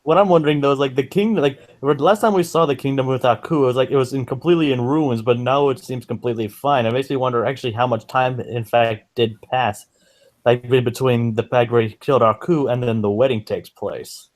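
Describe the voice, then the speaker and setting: Male co-host, eager, stumbling, mid pitch. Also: steady tone, brisk. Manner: eager, interrupts, stumbles over words. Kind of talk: casual recap discussion.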